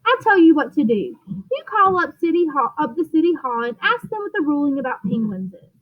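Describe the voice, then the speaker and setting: A woman's voice: high-pitched, sing-song, fairly quick, highs cut off. A woman reading aloud, voicing a puzzled, easygoing male policeman in a storybook.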